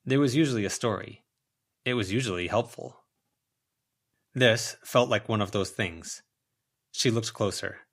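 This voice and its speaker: A man narrating a fan-made audiobook of a web serial in an even, measured way. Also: on the low side, creaky, slightly rough. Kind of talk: audiobook reading.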